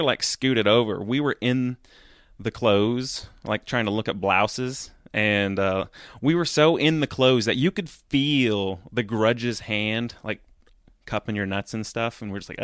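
A man's voice: mid-range voice, expressive, a little slow, fairly bright tone, no room sound, studio quality. A man telling a rambling, profane comedic story, full of fillers, as a podcast host.

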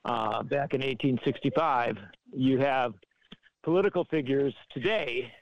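A man appearing as a political journalist guest, explaining in a deliberate, measured way with pauses. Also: medium pitch, highs cut off. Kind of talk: measured political commentary on a phone line.

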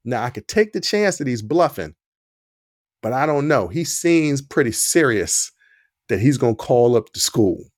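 A man's voice: mid-range voice, moderate pace, dry recording, studio quality. A man hosting a podcast, telling a personal story and acting out the voices in it. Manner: animated storyteller, acts out quoted dialogue. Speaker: podcast host.

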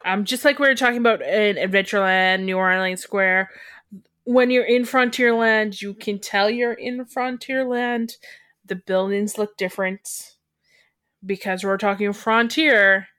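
A woman's voice: mid-range voice, steady tone, unhurried, fairly bright tone, clear, resonant tone, no echo, studio quality. A woman from western Canada co-hosting a podcast in casual chat, rambling and restarting her thoughts as she goes. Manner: chatty, trails off and restarts mid-thought. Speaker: podcast co-host.

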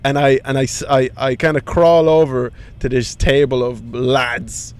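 A man's voice: medium pitch, level tone, measured pace, clean tone. A young man telling a comic story on a podcast, swearing freely and acting out the voices of other people. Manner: swears a lot, acts out voices. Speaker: podcast co-host.

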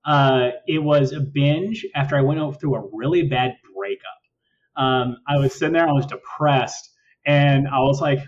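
A man's voice: mid-range voice, fairly even intonation, unhurried, slight background noise. A man who works as a voice actor, chatting casually as a podcast guest, laughing often and telling stories. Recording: distant, dull remote audio.

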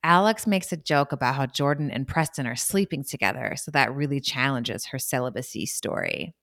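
A woman co-hosting a casual podcast, recapping a reality show with lively storytelling and quick asides. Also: a bass voice, no echo, studio quality. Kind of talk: casual chat.

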